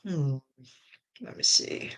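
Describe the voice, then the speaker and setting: Slow-talking, giggly livestream host. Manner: chatty and enthusiastic, giggles often. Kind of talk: casual chat with viewers.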